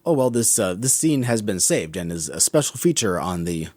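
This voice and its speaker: A man's voice: lowish voice, sing-song, moderate pace, a little mellow, dry recording. A man co-hosting a podcast, talking through a movie's scenes in a musing, critical way and often correcting himself mid-sentence. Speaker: podcast co-host. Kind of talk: casual film discussion.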